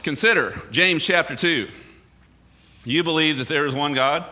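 A man's voice: on the high side, normal speed, pushed and bright. A male pastor giving a sermon in an emphatic, conversational way, full of rhetorical questions.

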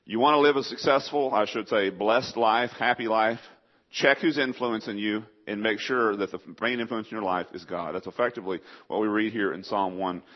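A man with a faint East Texas Southern accent delivers a sermon in a somewhat low voice. He is folksy and conversational and keeps turning questions to the congregation. The recording sounds dull and lo-fi. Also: steady tone, moderate pace. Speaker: preacher.

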